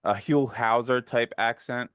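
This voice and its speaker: A man's voice: mid-range voice, fairly even intonation, measured pace, fairly bright tone, smooth, no room sound. A man from the northern US playing in a tabletop game, chatty and laughing often. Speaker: player.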